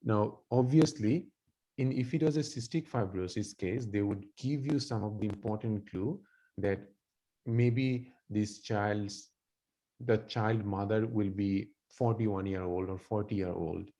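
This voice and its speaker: Man tutoring doctors, mellow voice. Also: on the low side, measured pace. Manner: explains with many repeats and restarts. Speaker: medical exam tutor. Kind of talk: online teaching feedback.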